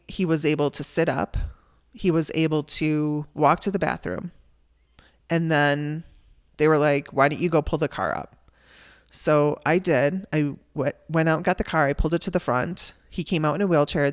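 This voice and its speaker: A woman hosting a podcast, telling a raw personal story in a candid, emotional way and swearing casually. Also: low-pitched. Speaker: podcast host.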